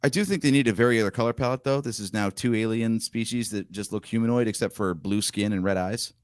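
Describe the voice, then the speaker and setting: A man's voice: on the low side, quick pace, smooth, no echo, clean studio sound. A man co-hosting a casual fan podcast, talking in a chatty, opinionated way. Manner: chatty, opinionated, shares pictures on screen. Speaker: podcast co-host. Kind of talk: casual chat.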